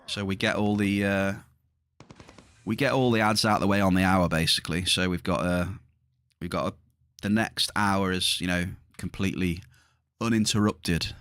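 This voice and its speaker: A man's voice: low voice, fairly even intonation, moderate pace, a bit bright, clean tone, dry recording, studio quality. A middle-aged man chatting casually to viewers during a livestream, rambling, his voice slightly strained. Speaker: livestreaming gamer.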